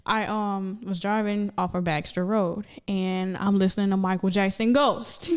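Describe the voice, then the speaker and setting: A young woman, a podcast guest, telling a story casually with lots of fillers and acting out quotes in a high voice. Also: a little slow, smooth. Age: young adult. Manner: animated, many fillers, acts out quotes in high voice.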